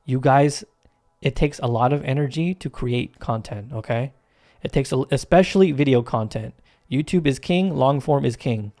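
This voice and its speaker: A man's voice: mid-range voice, normal speed, mellow. A man hosting his channel off camera, talking casually over gameplay in a rambling, emphatic way with many restarts and fillers. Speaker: YouTube channel host. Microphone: home voice-over mic, off camera.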